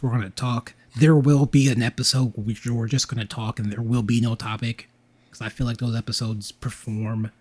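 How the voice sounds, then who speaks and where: A man hosts a casual podcast chat in a relaxed, slangy way and swears without thinking about it. He sounds sleepy, and his throat is sore. His voice sits at a middling pitch. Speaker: podcast host.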